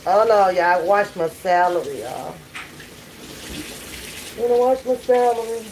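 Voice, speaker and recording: A woman's voice: mid-range voice, measured pace, a little mellow, slight background noise. A woman hosting a casual livestream reaction chat, laughing often, profane, calling her viewers y'all. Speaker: livestream host.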